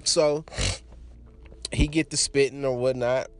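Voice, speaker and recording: A man's voice: mid-range voice, steady tone, slow, a bit bright. A man telling a crude personal story in casual chat, laughing often and restarting his sentences as he rambles. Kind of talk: casual anecdote monologue.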